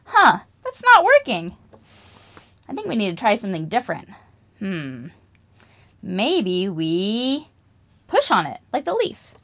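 A woman's voice: mid-range voice, huge pitch swings, takes it slowly, pauses often, fairly bright tone. A young woman leading a preschool music lesson, singing and talking to toddlers with exaggerated wonder and lots of questions. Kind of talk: children's lesson, singing and toy play.

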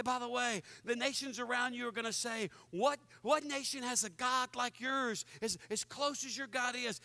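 High, bright preacher in full flow. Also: male voice, no room sound. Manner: lively preaching, talks to the congregation, acts out quoted voices. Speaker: pastor. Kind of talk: sermon.

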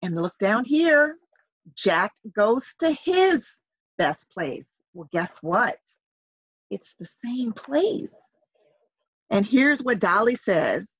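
A woman reading a picture book aloud to young children over a video call, pausing to ask them questions. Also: on the high side, slightly rough, no echo, lo-fi sound. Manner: animated, coaxing questions to young listeners. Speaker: reader at a virtual story time for children. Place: home setup on a video call.

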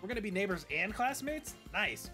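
A bubbly, battle-mad young schoolgirl rival, pushy and eager, as a man reads her lines. Her voice runs high and bounces over a wide range. There is soft game music behind. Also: very animated, a little fast, heavily acted. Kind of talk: reading game dialogue aloud.

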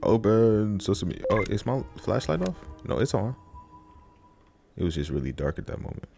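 Deep gravelly gamer joking through a playthrough. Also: male voice, big pitch swings, moderate pace, a little mellow, soft background music. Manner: joking, rambling, playful mutters and sound effects. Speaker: gaming YouTuber. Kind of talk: casual let's-play commentary.

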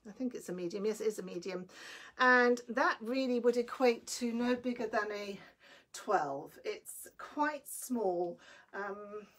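A woman's voice: on the high side, a little slow, fairly bright tone. A woman selling clothes on a live stream, chatty and enthusiastic, a little breathless. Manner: chatty and enthusiastic, greets viewers by name. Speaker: online clothing seller.

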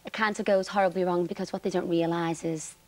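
A woman's voice: on the low side, steady tone, fast talker. A woman with a Liverpool Scouse accent, a guest on a talk show, telling stories in a bubbly, giggly way. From Liverpool, England. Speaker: actress guest. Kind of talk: chatty talk-show interview.

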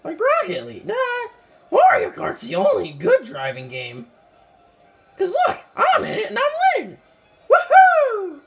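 A hyper little male mushroom racer, voiced extremely high and squeaky with a slight southern twang. He swoops all over and has a gravelly edge, yelping at every setback in his game commentary. Faint game music plays behind him. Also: a little slow, heavily acted. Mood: boastful. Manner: excitable, yelps and complains at mishaps. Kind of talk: let's-play game commentary in character.

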